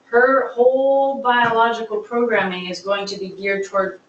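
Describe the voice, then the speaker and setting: A woman's voice: on the high side, fairly even intonation, normal speed, muffled recording. A woman leading a classroom discussion, explaining earnestly with everyday examples. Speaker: instructor on trauma-informed teaching. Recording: echoey room, voice from far off.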